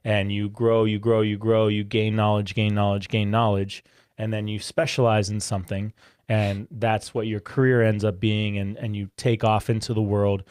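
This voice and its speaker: A man's voice: on the low side, level tone, moderate pace, darkish tone, clear, resonant tone, no echo, studio quality. A man co-hosting a Christian talk show, joking lightly and restating ideas simply with repetition. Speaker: co-host.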